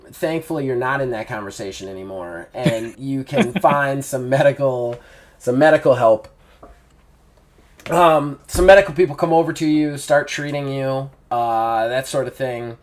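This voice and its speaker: A man's voice: mid-range voice, measured pace. A man running a tabletop role-playing game as game master, chatty, often laughing, with many fillers.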